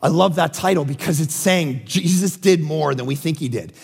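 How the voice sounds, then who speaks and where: A male pastor preaching a sermon in a church, energetic and joking, swinging between loud emphatic lines and quiet ones. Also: a little high, normal speed, gravelly, slightly rough, in a large hall.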